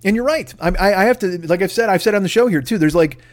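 A man with a slightly high-pitched voice, ranting on his show. He is profane, wry and wanders from point to point in casual comic monologue. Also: lively intonation, quick pace. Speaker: podcast host. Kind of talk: casual comedic rant.

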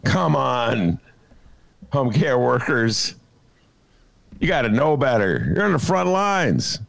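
In his apartment, a podcast host with a gravelly, medium-pitched voice talks slowly, rambling casually as he tells stories and riffs on the news. He's an animated storyteller who uses lots of fillers. The recording has no room sound.

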